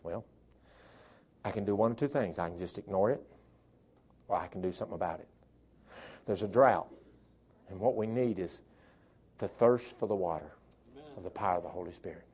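A man preaching a sermon as pastor, dropping to quiet talk and rising to shouted preaching. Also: low voice, normal speed, long pauses, husky. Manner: swings from soft talk to shouted preaching, imitates a chainsaw.

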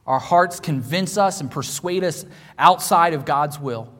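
Male pastor preaching, highish voice, repeats stuff for emphasis, goes quiet then loud, big church echo. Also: a little slow. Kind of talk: sermon. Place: church sanctuary. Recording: long hall reverb from a church.

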